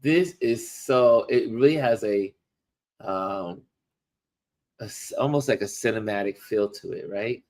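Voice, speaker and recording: A middle-aged man hosting a casual livestream, musing warmly to viewers as he shows photos. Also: fairly low pitch. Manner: slow, musing, talks to viewers while showing photos. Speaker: livestream host.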